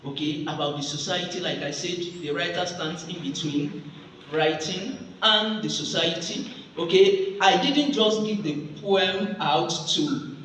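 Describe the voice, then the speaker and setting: A man's voice: high-pitched, unhurried, a bit bright, recorded from a distance. Man, Nigerian accent, classroom lecture, coaxing, very echoey hall, noisy background. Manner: coaxing, checks in with "okay?". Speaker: guest lecturer.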